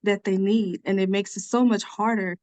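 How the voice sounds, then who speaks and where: A soft-spoken, even-tempered woman speaking as a guest on a podcast, chatting casually and laughing now and then. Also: medium pitch, normal speed, no room sound. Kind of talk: casual conversational interview.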